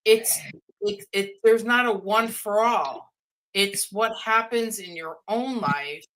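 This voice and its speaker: A woman's voice: mid-range voice, takes it slowly, fairly bright tone, low-quality recording. A woman on a podcast panel, giving earnest advice in a casual, agreeable way.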